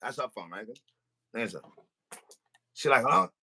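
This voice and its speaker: A man's voice: medium pitch, big pitch swings, moderate pace, creaky, pushed and bright, husky. A man hosting a podcast, telling a comic story in a rant and acting out both sides of a phone call. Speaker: podcast host. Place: recording studio.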